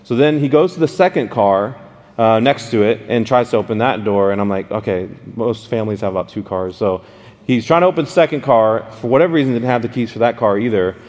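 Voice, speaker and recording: A man preaching a casual, story-driven sermon, animated and speaking straight to his listeners with questions. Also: mid-range voice, brisk. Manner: animated, addresses the audience directly with questions. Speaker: pastor. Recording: long hall reverb.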